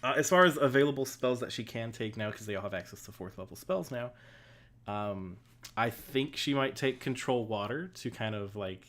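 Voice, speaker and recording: A woman co-hosting a casual podcast recap, laughing often and filling pauses with ums and mm-hmms. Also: a bass voice, lively intonation, a little hiss or hum. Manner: giggly, many fillers and mm-hmms. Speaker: podcast co-host.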